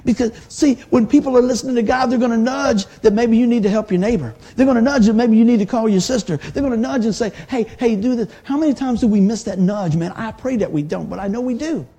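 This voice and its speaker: A man's voice: very high-pitched, quick pace, hardly any pauses, warm tone, slightly rough. A male pastor preaching a sermon in a conversational, folksy way, often adding "man" and "amen".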